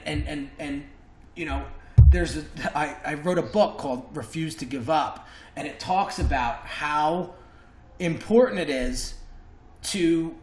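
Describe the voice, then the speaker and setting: A man as a podcast guest telling an emotional personal story, earnest and passionate, often restarting his sentences over a call. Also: a little high. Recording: roomy echo.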